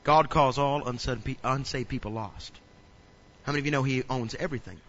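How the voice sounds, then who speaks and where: A man pastor preaching a sermon, telling funny stories and building up to loud preaching. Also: mid-range voice, a little fast, dull audio. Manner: humorous storytelling, acts out little scenes.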